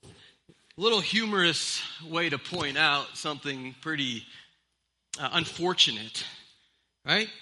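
A man's voice: a little high, pushed and bright. A middle-aged man preaching a sermon as pastor, earnest and conversational, with small restarts as he speaks. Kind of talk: sermon with opening prayer.

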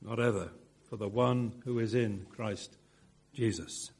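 Slow, husky-voiced male preacher. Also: fairly low pitch, darkish tone. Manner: measured, emphatic phrasing with rhetorical asides. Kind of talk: expository sermon.

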